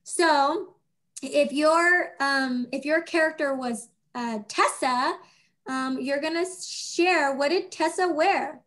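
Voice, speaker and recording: A woman teaching young children over a video call, patient and encouraging, speaking slowly and clearly. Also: sits high, a bit bright.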